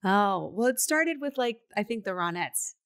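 A woman's voice: medium pitch, animated, normal speed, fairly bright tone, dry recording, clean studio sound. A woman in her thirties co-hosting a casual chat, rambling with fillers and restarts. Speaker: podcast co-host.

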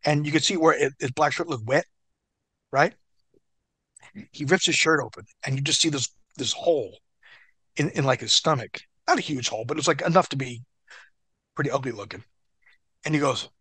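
A middle-aged American man, a former wrestler, telling an animated, profane story as an interview guest. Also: fairly high pitch, slightly rough, no echo.

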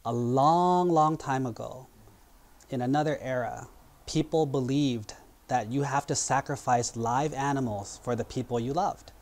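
A man who is a Buddhist monk, giving a sermon and telling a parable in simple, measured words. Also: medium pitch, a little mellow. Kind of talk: sermon storytelling. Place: temple.

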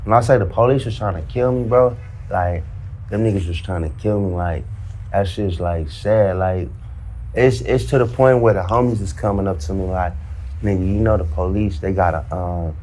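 A man with a fairly low voice tells his story in loose, slang-heavy talk. He acts out the back-and-forth himself, with lively energy. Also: moderate pace. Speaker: storyteller recounting prison life. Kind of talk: casual storytelling in a played interview clip.

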